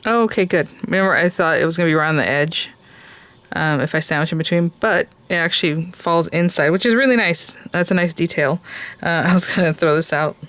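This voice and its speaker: A woman's voice: on the low side, brisk, fairly bright tone, dry recording. A woman hosting a casual crafting tutorial, chatting and thinking aloud as she works and gushing over cute details. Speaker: crafting channel host.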